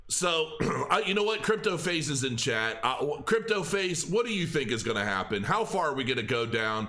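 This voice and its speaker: A man's voice: medium pitch, expressive, moderate pace, pushed and bright. A man hosting a crypto livestream in a loose, rambling chat, reading viewers' comments aloud, joking and laughing often. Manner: rambling, reads chat aloud, many restarts.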